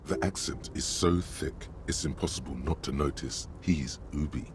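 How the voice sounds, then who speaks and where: A man voicing the solemn inner voice of a game detective's mind, narrating slowly. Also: very deep voice, background noise, pitched below the performer's own voice.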